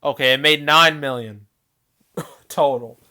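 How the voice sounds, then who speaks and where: A man with a bright, crisp and smooth voice talks through a casual commentary on movie earnings. He sounds animated and chatty, breaks into laughter often and trails off into fillers now and then. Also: medium pitch, slow pace. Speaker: movie box office commentator.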